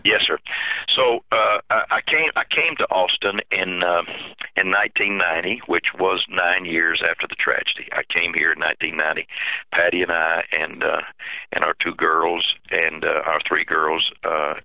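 A pastor, telling an emotional personal story in a halting way with many repeats, heard over a phone line. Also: male voice, low voice, fairly even intonation, gravelly, dry recording.

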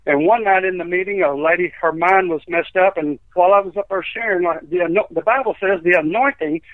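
A man's voice: high voice, a little fast, no room sound. A man, an evangelist telling healing testimonies in a rambling, folksy way, acting out the quotes. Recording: tinny dry phone line.

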